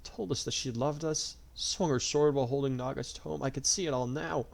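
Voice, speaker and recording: Tearful young girl warrior, soft, raised, breaking voice, man doing her. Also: fairly low pitch, expressive, moderate pace, gravelly.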